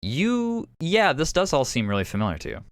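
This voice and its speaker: A man's voice: on the high side, wildly swooping pitch, brisk, dry recording, clean studio sound. A man running a tabletop game as game master, narrating in a rambling, hesitant way full of fillers.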